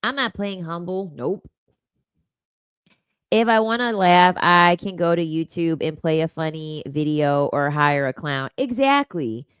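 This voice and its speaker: A woman's voice: lowish voice, measured pace, fairly bright tone, clear, resonant tone, no echo. A woman, hosting a casual commentary chat, blunt and sassy, often repeating her phrases. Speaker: commentary host reading chat.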